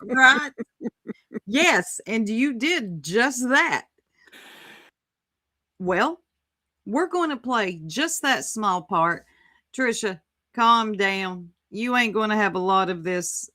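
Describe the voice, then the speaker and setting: Slow, lively woman host. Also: mid-range voice, no echo, studio quality. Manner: drawling, lively, chatty. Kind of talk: casual live-stream chat.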